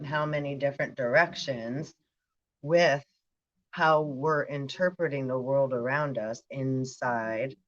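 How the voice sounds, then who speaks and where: A spiritual vlogger with an extremely low-pitched voice gives a rambling monologue in a stream-of-consciousness style, often checking in with "right." The audio sounds dull.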